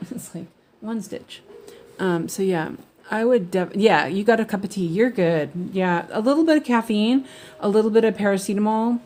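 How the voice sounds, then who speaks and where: A woman's voice: medium pitch, moderate pace, a little mellow. A woman chatting casually while she cross-stitches at home, rambling with lots of fillers and restarts. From United States.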